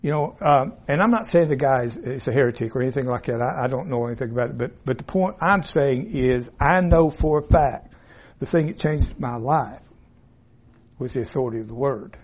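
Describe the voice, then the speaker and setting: A man's voice: medium pitch, expressive, brisk, breathy edge. A man teaching an informal Bible class in a classroom, folksy and rambling with asides and restarts. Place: classroom with a board. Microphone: room mic, at times turned away.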